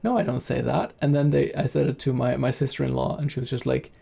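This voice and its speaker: A man's voice: mid-range voice, flat delivery, fast, vocal fry, mellow, slightly rough. A man streaming a game in casual commentary, chatting with viewers in a rambling, easygoing way and laughing easily.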